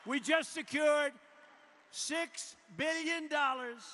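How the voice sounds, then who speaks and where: A man in his seventies giving a boastful, repetitive political rally speech in a large arena, often breaking into shouts. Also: very high voice, slow pace. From United States. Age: 70s. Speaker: president addressing a rally. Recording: long hall reverb with faint noise.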